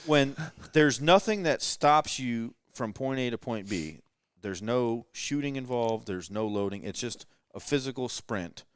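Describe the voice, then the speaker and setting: A man hosting a podcast in a relaxed late-night chat, rambling and thinking out loud as he goes. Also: medium pitch, unhurried, hardly any pauses, smooth, no room sound, clean studio sound. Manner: rambling, thinks aloud with fillers. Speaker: podcast host. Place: indoors in a rental house.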